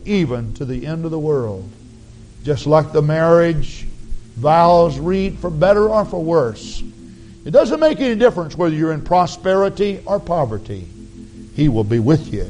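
A man preaching an altar call, his raspy voice earnestly pleading with the congregation to come forward. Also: fairly high pitch, mellow, rough recording. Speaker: pastor. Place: church sanctuary.

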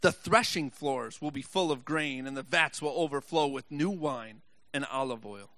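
A man preaching a sermon, reading scripture slowly, joking with the congregation, and rising to impassioned shouts. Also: mid-range voice, no echo.

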